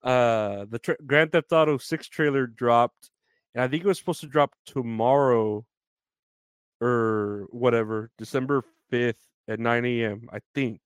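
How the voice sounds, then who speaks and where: A man's voice: mid-range voice, a little slow, clear, resonant tone, dry recording. A man hosting a casual solo podcast, rambling loosely with many fillers and frequent laughs. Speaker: podcast host.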